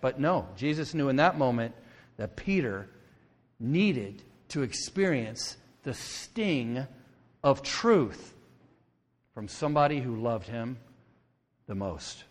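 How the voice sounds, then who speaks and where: A man preaching a sermon as a pastor, animated and conversational, acting out quotes in voices. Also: mid-range voice, slow pace, long pauses. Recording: long hall reverb.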